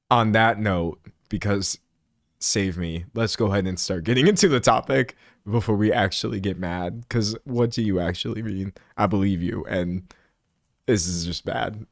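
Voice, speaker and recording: A man's voice: lowish voice, moderate pace, vocal fry, no echo, studio quality. A young man hosting a live stream, chatting and ranting in a loose, rambling way with frequent laughs. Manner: animated, laughs often, rambling asides. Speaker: streamer host. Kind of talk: casual live-stream commentary. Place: room indoors, siren outside at times.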